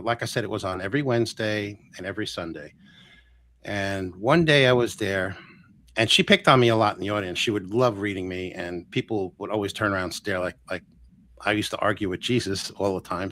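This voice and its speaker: Man telling a lively personal story. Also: fairly low pitch, moderate pace, no echo. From Florida. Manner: animated, acts out quoted voices, restarts often. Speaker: guest healer. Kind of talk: casual storytelling interview.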